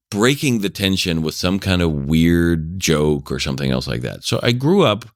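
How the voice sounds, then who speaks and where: Low-voiced guy rambling thru stories, laughs a lot, dry close sound. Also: no room sound. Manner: rambling storyteller, chuckles often. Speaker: podcast guest, parenting coach. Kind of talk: casual chat.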